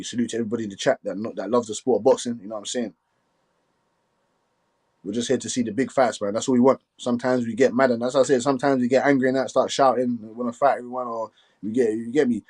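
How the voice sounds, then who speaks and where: A man hosting a casual live stream, talking quickly and filling his speech with "you get me". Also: mid-range voice, a little mellow, husky. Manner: fast, repetitive filler "you get me".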